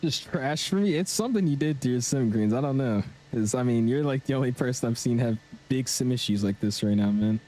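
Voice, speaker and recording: Laid-back young man, mellow voice. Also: medium pitch, brisk, few pauses. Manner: laid-back, slangy, talks to chat while flying. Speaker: flight sim streamer. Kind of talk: casual live-stream chat.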